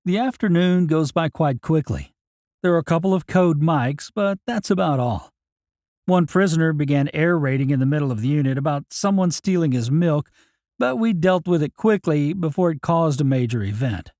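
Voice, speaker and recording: Mellow-voiced male audiobook narrator. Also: fairly high pitch, animated, normal speed, no echo, studio quality. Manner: plain, matter-of-fact storytelling. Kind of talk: first-person audiobook narration.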